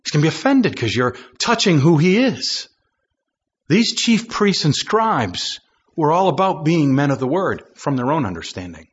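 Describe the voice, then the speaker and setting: A male preacher with a slightly high, husky voice delivers a sermon. He reads scripture and acts out the people in it, climbing to impassioned peaks. The recording is dull and lo-fi. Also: big pitch swings, moderate pace. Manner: rising to impassioned high-pitched emphasis, acting out quoted voices.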